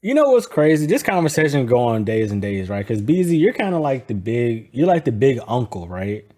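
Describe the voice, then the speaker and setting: Lively, animated man in casual chat. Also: medium pitch, a little fast. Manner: animated, slangy, profane banter. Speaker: host.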